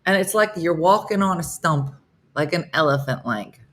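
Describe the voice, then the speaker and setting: With a low, expressive, slightly bright voice at normal speed, a fifty-something woman hosts a live morning chat. She reads comments on the casual stream, joking and addressing viewers by name.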